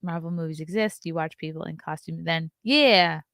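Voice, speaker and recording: Chatty woman host, low voice, dry sound. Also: normal speed, gravelly, a bit bright, no room sound. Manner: chatty and opinionated, reacts to chat, yawns often. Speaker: host of a morning talk stream. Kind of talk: casual livestream talk, reading news and chat comments.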